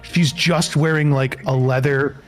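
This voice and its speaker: A man's voice: mid-range voice, fairly even intonation, a little slow, music in the background. A man on the film crew chatting casually on a live stream, joking and rambling.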